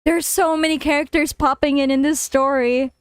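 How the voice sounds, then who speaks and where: A high-pitched woman streamer chats casually and breaks into giggles often, repeating herself as she reacts. Her voice is close and dry, with no room sound around it. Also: fairly even intonation, normal speed, dry recording. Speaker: vtuber streamer. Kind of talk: casual livestream reading and commenting.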